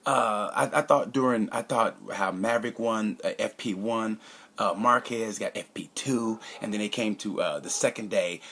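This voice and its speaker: A man's voice: on the low side, normal speed, a bit bright, slight background noise. A man giving a casual, opinionated race review. He rambles, cracks jokes and sometimes drops to a conspiratorial whisper. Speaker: motorcycle racing commentator.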